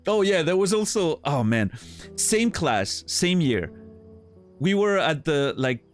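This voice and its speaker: A man's voice: on the high side, very animated, slow, faint music behind. Rambling man chatting on stream. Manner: rambling, many restarts and fillers, laughs easily. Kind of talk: casual chat with viewers.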